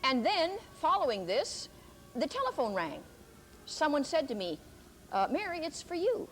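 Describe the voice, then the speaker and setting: An older woman giving a Christian teaching talk, telling a personal story earnestly, with pauses and restarts. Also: sits high, sing-song, fairly bright tone, faint music behind, poor audio.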